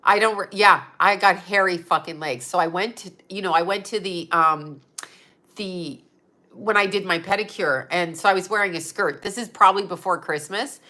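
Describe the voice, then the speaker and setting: Bright-voiced woman in her fifties, stuffy-nosed. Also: on the low side, normal speed. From Utah. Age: 50s. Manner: chatty, profane, laughs often, answers viewer chat. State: stuffy nose. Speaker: psychic medium host. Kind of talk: casual livestream chat.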